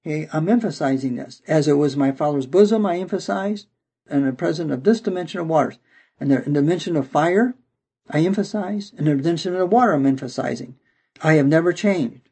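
A man preaching a Bible teaching, with a gravelly, husky voice that sits on the higher side. He reads scripture aloud and then unpacks it, peppering his explanations with "okay." The tone is dark and mellow rather than bright. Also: a little fast, rough recording.

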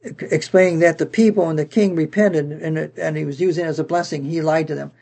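A man's voice: fairly high pitch, steady tone, fast, vocal fry, darkish tone. A man teaching the Bible verse by verse, reading passages aloud and then explaining them with frequent "okay"s.

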